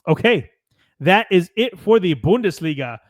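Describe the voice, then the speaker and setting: Relaxed American man, fairly high voice. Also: moderate pace, no echo, studio quality. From United States. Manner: rambling, relaxed, swears casually, reads match notes. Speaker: podcast co-host. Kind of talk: casual sports chat.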